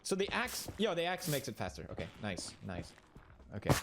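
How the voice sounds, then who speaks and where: A man's voice: a little high, huge pitch swings, fairly quick, vocal fry, very noisy. Playful young man streaming a game. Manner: playful, jokey, talks to game characters. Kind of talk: gameplay commentary.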